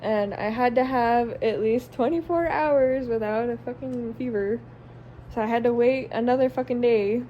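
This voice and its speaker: A young mother vlogs straight to camera in a slightly high voice. She is blunt and unfiltered, and she swears in nearly every sentence. Her long, run-on sentences are packed with "like" and "um". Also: normal speed, lo-fi sound, a little hiss or hum. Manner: blunt, swears constantly, emotional and candid; run-on sentences with many likes and ums. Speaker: stay-at-home mom and vlogger. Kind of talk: casual storytelling to camera.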